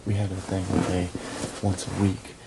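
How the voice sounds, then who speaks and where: A man's voice: deep voice, completely flat delivery, normal speed, creaky. A man in a shared bedroom at night, telling rambling, profane stories in a casual late-night chat. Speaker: reality show houseguest. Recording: hissy live-feed audio.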